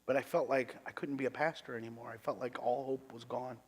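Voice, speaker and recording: A middle-aged man, a pastor, giving a sermon testimony in an earnest, halting way with many restarts. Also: medium pitch, steady tone, slightly rough.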